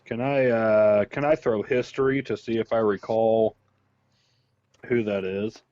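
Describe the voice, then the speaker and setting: A man playing a tabletop game, talking slowly and haltingly with many fillers. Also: lowish voice, fairly even intonation, a little mellow, no echo. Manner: slow, hesitant, halting with fillers. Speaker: player. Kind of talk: tabletop game play, casual. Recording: dull lo-fi sound.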